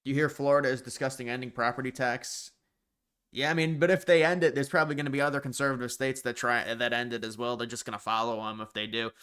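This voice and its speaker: A man hosting a casual live stream, chatting and reacting quickly while answering chat questions. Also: medium pitch, fairly even intonation, a bit bright, smooth. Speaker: livestream host.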